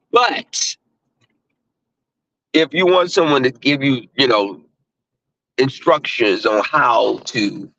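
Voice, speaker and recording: A man's voice: medium pitch, bright, forceful tone, no echo, muffled recording. Blunt Southern man with a drawl. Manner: blunt, profane, with filler-heavy restarts. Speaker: online talk host. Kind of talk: casual monologue to viewers.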